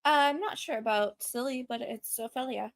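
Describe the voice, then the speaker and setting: A woman's voice: a little high, moderate pace, no echo. Woman playing a tabletop rpg, rambly and casual, dry close mic. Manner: chatty, loose, lots of fillers when describing. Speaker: player. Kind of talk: casual tabletop role-play.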